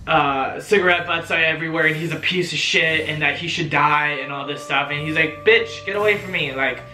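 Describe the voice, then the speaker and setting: A young man telling a story-time vlog in a chatty, animated way, full of fillers and swearing. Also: fairly high pitch, fairly quick. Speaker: vlogger. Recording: roomy echo, faint music.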